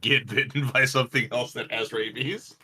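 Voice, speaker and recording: A man's voice: mid-range voice, steady tone, moderate pace, sharp tone. A man playing a tabletop game with friends, joking around and laughing often. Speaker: player. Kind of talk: casual tabletop game chat.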